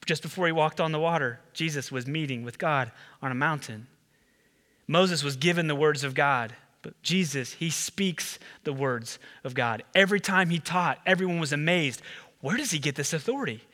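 Animated male preacher in a reverberant hall. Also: normal speed. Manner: animated, acts out the disciples and Jesus with rising pitch. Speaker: pastor. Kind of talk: sermon.

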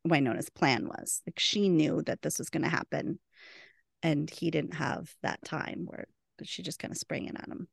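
Chatty woman podcaster with gravelly fry. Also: sits low, no echo, studio quality. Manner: chatty, laughs often, acts out characters' lines. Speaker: podcast co-host. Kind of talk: casual TV episode recap.

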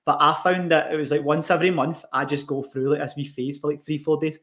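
A man's voice: a little high, quick pace. A young Scottish man co-hosting a podcast, chatting casually with lots of swearing and laughter. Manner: animated, sweary, laughs often. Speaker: podcast co-host, online coach. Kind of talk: casual chat.

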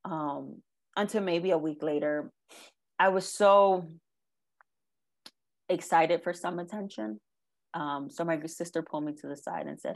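A young woman with a slightly low voice tells her own hard story in an interview. She speaks earnestly and haltingly, often pausing on "um" and "like." She sounds close to tears. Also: steady tone. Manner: earnest, halting, with many ums and likes. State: emotional, near tears. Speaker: guest sharing her life story. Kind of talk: emotional personal testimony.

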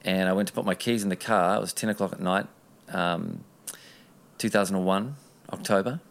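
A man's voice: sits low, fairly even intonation, a little fast, gravelly. A man, an interview guest telling a personal story in an earnest, rambling way with many restarts.

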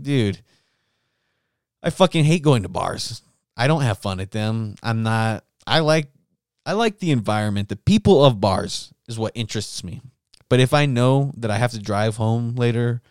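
A man hosts a solo podcast in a loose, rambling monologue full of swearing. His voice sits on the low side and sounds smooth and resonant. The recording is close and dry. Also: a little mellow, dry recording. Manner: profane, rambling storyteller. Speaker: podcast host.

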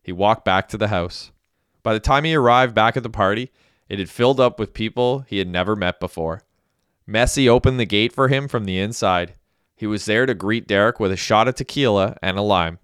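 A man with a low, smooth, resonant voice reads a novel as an audiobook. His storytelling is even and steady. He is recorded on a close mic in a dry room. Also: brisk, no echo. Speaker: narrator. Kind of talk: audiobook narration.

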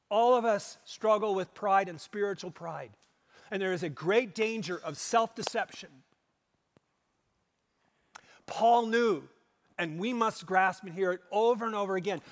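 Emphatic high-voiced pastor in a hall. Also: male voice. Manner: emphatic, swings between loud stresses and hushed low asides. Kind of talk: sermon. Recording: long hall reverb.

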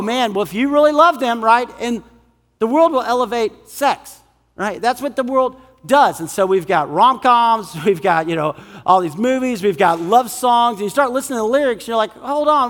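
A man preaching a sermon as pastor, conversational and animated, with frequent asides and rhetorical questions. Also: very high-pitched, long reverb tail.

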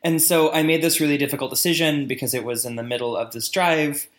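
A man in casual conversation, telling a personal story with pauses and fillers. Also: fairly high pitch, steady tone. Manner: reflective storytelling, many fillers. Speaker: conversation partner. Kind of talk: casual chat.

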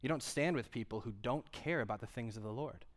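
A man's voice: medium pitch, fairly quick. A male pastor giving a conversational sermon, asking the congregation questions as he goes. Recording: long hall reverb.

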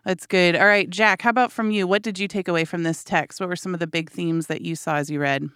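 A woman's voice: fairly low pitch, fairly even intonation, fast, fairly bright tone, clean tone, no room sound, studio quality. A woman hosting a Bible discussion podcast, affirming her guests and steering the talk with questions. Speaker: podcast host.

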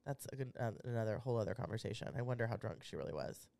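A woman's voice: a bass voice, expressive, racing, creaky, dark tone. A woman, co-hosting a casual podcast as an insurance agent, chatty and rambling. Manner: chatty, rambling, laughs easily. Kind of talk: casual chat.

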